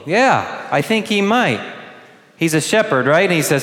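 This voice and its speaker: A man preaching a gentle homily to first communicants, asking the children questions. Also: a little high, expressive, unhurried. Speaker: priest. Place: large church. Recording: long church reverb.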